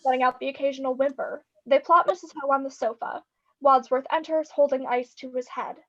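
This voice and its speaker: A woman narrator reading stage directions in a brisk, wry way. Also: high voice, fairly even intonation, highs cut off.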